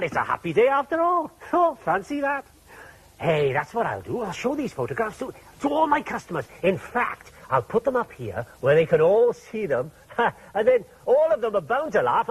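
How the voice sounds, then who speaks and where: A man's voice: sits high, big pitch swings, normal speed, husky, exaggerated voice, poor audio. A man voicing a fussy, anxious male fox photographer in a children's TV puppet play, who stammers when flustered.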